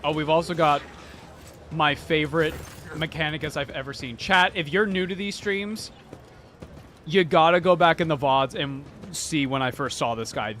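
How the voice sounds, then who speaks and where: A male streamer chatting casually while playing a video game, excitable and swearing freely as he reads on-screen text aloud. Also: on the high side, a little hiss or hum. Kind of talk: casual gaming stream chat.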